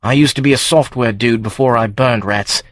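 A man playing a gruff, irritable villager who talks bluntly and swears. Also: medium pitch, moderate pace, no room sound, studio quality, close to an everyday voice. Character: gruff irritable male villager, worried about farms.

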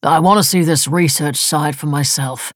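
Woman reading a curt evasive older husband, clipped lines, husky low voice. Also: moderate pace, dry recording, clean studio sound.

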